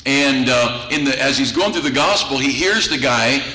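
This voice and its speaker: Pastor, man, bright and forceful, humorous storytelling sermon, roomy church sound. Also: mid-range voice, moderate pace. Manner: humorous, chuckles through anecdotes. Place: church sanctuary. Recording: echoey church room with faint noise.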